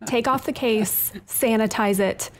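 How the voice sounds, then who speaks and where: A woman's voice: on the high side, unhurried. A woman co-hosting a tech podcast, giving tips in a breezy, conversational way. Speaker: co-host. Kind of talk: casual podcast chat.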